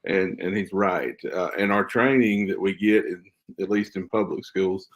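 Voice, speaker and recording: A man's voice: deep voice, normal speed. A man who is a guest on a podcast and trains school staff in safety, explaining his views in an earnest, emphatic way. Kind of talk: casual podcast interview.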